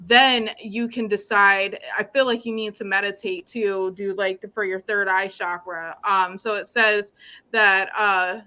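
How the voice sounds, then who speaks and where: A woman reading tarot cards aloud and gently giving advice. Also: mid-range voice, fairly even intonation, a little slow, low-quality recording. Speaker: tarot reader. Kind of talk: live group reading.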